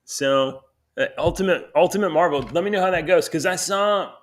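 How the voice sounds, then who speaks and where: A man's voice: a little high, moderate pace. A man co-hosting a podcast in casual chat, joking around and reading news items aloud with frequent restarts. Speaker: podcast co-host.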